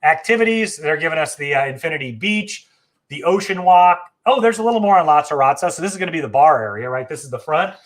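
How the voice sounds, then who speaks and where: A man's voice: on the high side, expressive, quick pace. A man hosting a casual travel live stream, chatty and enthusiastic, with frequent fillers and self-corrections. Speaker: travel agency host.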